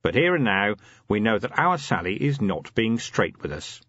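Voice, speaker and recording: A man with a husky voice reading a dry, grumbling middle-aged watch commander in an audiobook. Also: fairly low pitch, very animated, moderate pace, fairly bright tone, no room sound, highs cut off. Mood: wry.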